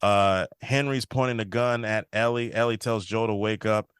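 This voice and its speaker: A man's voice: on the low side, steady tone, moderate pace, fairly bright tone, smooth, no room sound, clean studio sound. A man hosting a podcast, casually recapping a TV episode and quoting the characters' lines as he goes. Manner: retells scenes, quoting characters in a slightly shifted voice. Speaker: podcast host.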